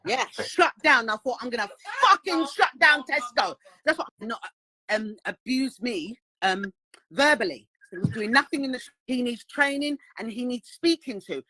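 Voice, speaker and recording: Female caller, high-ish voice on a dry line, indignant storyteller. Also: expressive, normal speed, sharp tone, no echo, rough recording. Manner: indignant, acts out the voices of others in her story. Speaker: caller on a live stream. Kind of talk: animated storytelling.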